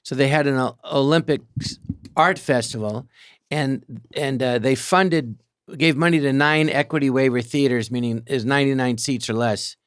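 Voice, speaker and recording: A man telling stories as a guest on a live podcast, animated and quick to slip into character voices. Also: mid-range voice, clean tone, no echo, clean studio sound. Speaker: guest comedian. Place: theater stage.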